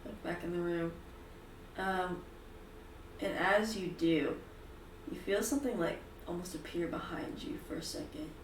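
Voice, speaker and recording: A woman's voice: fairly low pitch, a little slow, roomy sound, far from the mic, a little hiss or hum. A woman narrating as game master of a tabletop game, giggly and casual.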